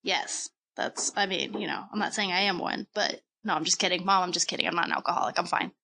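A woman co-hosting a casual podcast at home on a good microphone, chatty and quick with self-mocking jokes. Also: on the low side, vocal fry, sharp tone, slight background noise. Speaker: podcast co-host. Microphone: quality home microphone.

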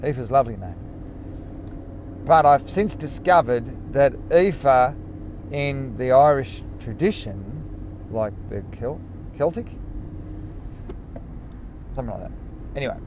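A man's voice: mid-range voice, lively intonation, takes it slowly, pauses often, a little mellow. Rambling man talking while driving. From Australia. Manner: rambling, musing, self-correcting. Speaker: podcast host. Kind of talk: casual solo podcast monologue. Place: inside a car while driving. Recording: faint road noise in a car. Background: car and street noise.

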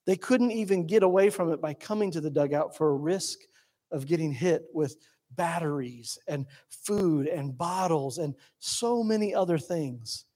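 High-voiced man preaching a sermon. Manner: storytelling, swings from quick to slow and hushed. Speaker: pastor.

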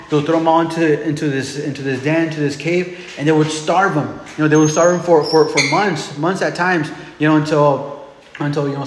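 A man preaching a sermon in a relaxed, conversational way, often restarting and repeating words as he retells a Bible story. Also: on the high side, slight background noise. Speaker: pastor. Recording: echoey hall with long reverb.

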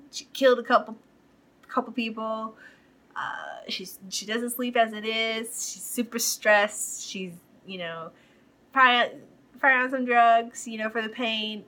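A woman's voice: fairly high pitch, sharp tone, low-quality recording. A woman hosting a podcast, casually recapping a TV episode in a rambling way, full of fillers. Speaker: podcast host.

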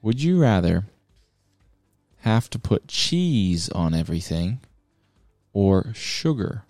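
A man with a low, mellow voice co-hosts a podcast in loose, playful chat. He sounds tired and rambles a little. The sound is dry and close, with faint music underneath. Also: very animated, slow, dry recording. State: tired, yawning. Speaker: podcast co-host. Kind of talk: casual chat.

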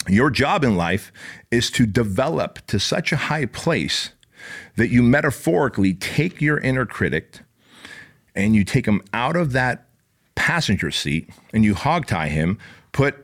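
A man's voice: mid-range voice, very animated, measured pace, a bit bright. Man, motivational speaker, blunt, profane, emphatic. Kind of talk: motivational talk.

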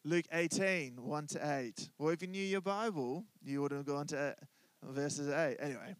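A man's voice: fairly high pitch, moderate pace, no room sound. Joking man preaching a sermon. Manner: conversational, joking, asks congregation to respond. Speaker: pastor. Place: church.

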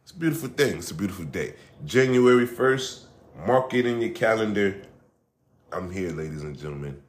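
Deep-voiced man rambling on his podcast. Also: expressive, fast talker. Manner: rambling, profane, with frequent restarts and asides. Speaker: podcast host. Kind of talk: casual solo monologue.

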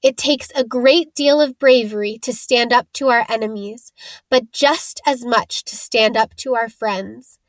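A woman's voice: fairly high pitch, a little slow, no echo, close to an everyday voice. A woman voicing a kindly, wise old male headmaster.

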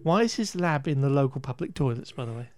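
A man's voice: medium pitch, sing-song, quick pace, a little mellow. A man co-hosting a podcast, chatting casually through a film recap with frequent restarts and laughter. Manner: rambling, self-correcting, laughs often. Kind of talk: casual chat.

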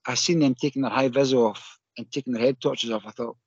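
A Scottish man, a podcast guest, telling a story in an animated, emotional way and laughing often. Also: medium pitch, a little fast, breathy edge, no room sound, muffled recording. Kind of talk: casual storytelling.

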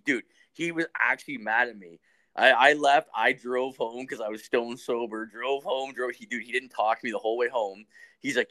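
A man's voice: medium pitch, brisk, sharp tone. A man telling a crude story in casual chat, rambling and swearing, full of "like" and "dude". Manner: profane, rambling, lots of "like" and "dude". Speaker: podcast co-host.

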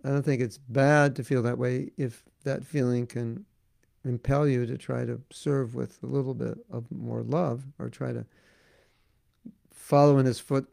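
A man with a gravelly, creaky voice gives a devotional question-and-answer talk, recorded close and dry with no room sound. He speaks in a relaxed, conversational way, gently coaxing his listeners and often asking "you know?". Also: medium pitch, dry recording. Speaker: spiritual teacher answering questions.

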